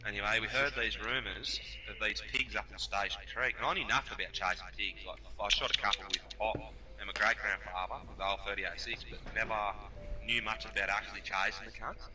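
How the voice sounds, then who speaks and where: A man with an Australian accent telling hunting stories on a casual podcast, swearing freely and animated. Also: fairly low pitch, a little fast, recorded from a distance, noisy background. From New South Wales, Australia. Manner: profane, animated, laughs while telling stories. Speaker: podcast storyteller.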